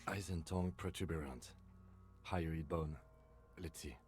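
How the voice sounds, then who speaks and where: A man voicing a calm, methodical police lieutenant in a video game, speaking in a clinical, measured, dry way. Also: extremely low pitch, a little hiss or hum.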